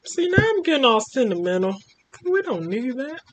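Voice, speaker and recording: A young adult woman hosting a story time, reading a fan story aloud and breaking off with expressive commentary. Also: sits high, normal speed, crowd noise.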